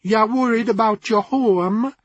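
A man's voice: high voice, unhurried, breathy edge, no room sound, dull audio, voice pushed up. A man voicing a smartly dressed Jamaican woman in her sixties who offers readings as a spiritual healer, with a lilting, solemn manner.

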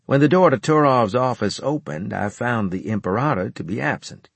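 A man reading a first-person audiobook narration in a measured, wry storytelling manner. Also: medium pitch, expressive, vocal fry, no echo.

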